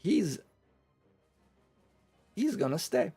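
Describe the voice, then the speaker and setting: A man running a tabletop game as game master. He explains the rules step by step in a relaxed way. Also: sits high, very slow, creaky, husky, soft background music. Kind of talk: narrating and ruling a tabletop game.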